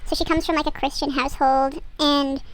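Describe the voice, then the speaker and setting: A woman's voice: high voice, level tone, a little fast, a little hiss or hum, low-quality recording. A young woman, casually chatting and retelling a book plot in a sarcastic, sweary way. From Australia. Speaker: book vlogger.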